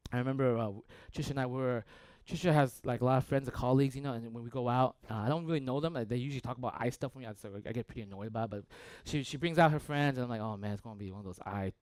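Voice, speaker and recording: Talking very fast with hardly a pause, a medium-pitched pastor tells a story in his sermon, peppering it with "right?" He swings from loud bursts down to near-whispers, and the recording is dry.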